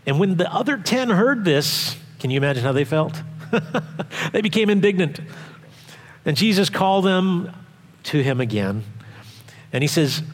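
Pastor guy preaching, acts out the voices, kinda high-ish voice, long echo in the room. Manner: animated, acts out quoted voices, asks the congregation questions. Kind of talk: sermon.

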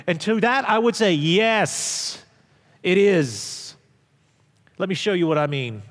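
A middle-aged man preaching a sermon as pastor, telling stories and swinging from loud emphasis to hushed asides. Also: high-pitched, lively intonation, takes it slowly, big-room sound.

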